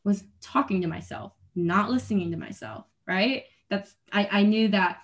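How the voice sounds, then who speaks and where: A woman's voice: mid-range voice, moderate pace. Young adult woman, interview guest; earnest, rambling delivery, frequent restarts and light laughs. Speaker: athlete guest. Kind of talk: casual interview.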